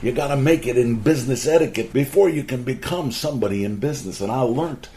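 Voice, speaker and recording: A man's voice: medium pitch, fast talker. A man telling his own life story as a monologue, earnest and a little preachy, whose voice jumps up sharply whenever he quotes someone. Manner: animated storyteller whose voice jumps up sharply when quoting people; earnest, preachy asides about life lessons. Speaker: former garden center owner telling a life story. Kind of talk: personal anecdote monologue.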